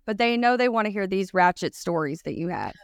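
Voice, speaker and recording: A woman co-hosting a podcast in relaxed, casual chat, talking fast. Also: mid-range voice, vocal fry, clear, resonant tone, no echo, studio quality. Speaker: podcast co-host.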